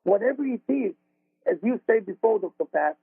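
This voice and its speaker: A man's voice: high-pitched, expressive, normal speed, vocal fry, husky, no room sound. A man with an Israeli accent, hosting a spiritual talk radio show and telling a personal story in an earnest, repetitive, conversational way. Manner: earnest, repeats words, loose grammar. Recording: dry phone-like radio audio.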